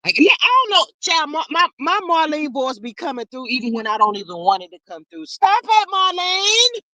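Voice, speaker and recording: Fast-talking and high-voiced, a woman hosting a laid-back stream reads out chat comments and answers with sass, animatedly calling viewers child and honey. There's no echo on the recording.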